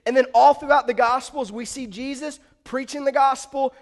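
A man's voice: very high-pitched, steady tone, normal speed, long reverb tail. A male pastor preaching a sermon in a conversational storytelling manner, asking the congregation questions along the way.

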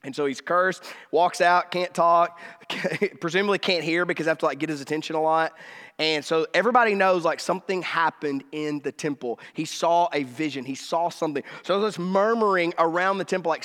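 A man with a high voice preaches in a relaxed, conversational way. He slips into the voices of the people in the story as he tells it. His voice rings out with the long reverb of a large hall. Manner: conversational preaching, acts out quoted dialogue with shifts in pitch. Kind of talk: sermon.

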